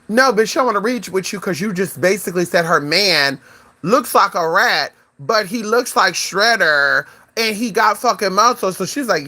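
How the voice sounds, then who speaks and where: Addressing viewers as "honey" and "y'all," a spiritual advisor livestreams a casual, animated, profanity-laced chat punctuated by sudden high exclamations. The pace is moderate, with no room sound.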